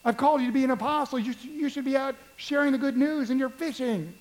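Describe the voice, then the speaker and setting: A man's voice: very high-pitched, quick pace, darkish tone, voice pushed up, poor audio. A man voicing Jesus, asking searching, pressing questions in a retold scene. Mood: probing. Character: Jesus, gentle but probing male teacher.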